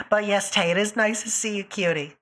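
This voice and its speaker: A woman's voice: medium pitch, a bit bright. A woman streaming live, chatting casually and teasing her viewers by name while she draws.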